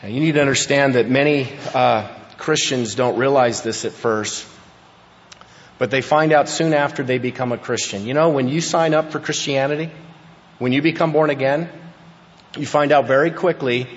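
A male pastor preaching a sermon, building from quiet asides to emphatic, forceful passages. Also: mid-range voice, moderate pace. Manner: preaching, rising to emphatic intensity. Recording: echoey hall, dull lo-fi sound.

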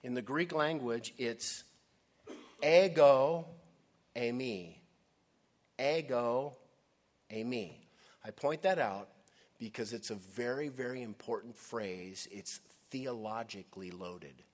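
A male pastor preaching a sermon, emphatic, with dramatic pauses, sometimes dropping to a hush. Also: mid-range voice.

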